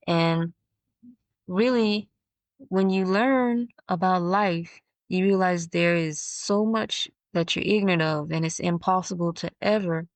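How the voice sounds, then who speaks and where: A woman's voice: on the low side, no room sound. A woman hosting her own podcast, talking through her thoughts in a reflective monologue and often stopping to search for words. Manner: thinks out loud, halting and searching for words. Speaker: podcast host.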